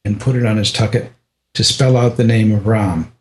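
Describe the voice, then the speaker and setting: An older American man, a podcast guest, telling a personal story in a reflective, unhurried way, with frequent restarts and small laughs. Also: lowish voice, steady tone, slight background noise. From United States.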